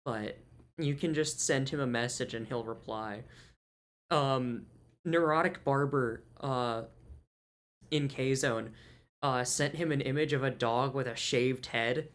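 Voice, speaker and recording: A man's voice: medium pitch, slow pace, fairly bright tone. A man co-hosting a podcast in casual chat, rambling and profane, often breaking into laughter. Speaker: podcast co-host.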